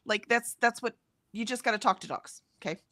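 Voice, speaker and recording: A middle-aged woman co-hosting a live stream, chatting casually and telling an animated story full of ums and "right?", acting out the other people's lines as she goes. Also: a little high, a little fast, no room sound, studio quality. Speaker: co-host of a writing sprint stream. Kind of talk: casual chat.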